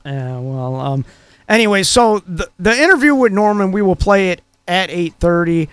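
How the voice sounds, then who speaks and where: A man with a high voice co-hosts a radio talk show and rambles through his stories, full of filler words. The sound is dry and close. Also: animated, moderate pace, smooth, no room sound. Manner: rambling storyteller, many fillers. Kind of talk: casual chat.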